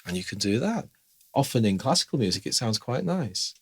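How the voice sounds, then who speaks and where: Very animated and brisk, a man with a fairly low voice and vocal fry runs a chatty, informal piano lesson, breaking off to sing rhythms aloud in scat syllables as he explains.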